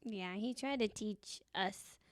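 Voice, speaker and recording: A woman's voice: mid-range voice, slow, no room sound, studio quality. A woman co-hosting a casual podcast chat, giggly and loose, swearing freely. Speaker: podcast co-host.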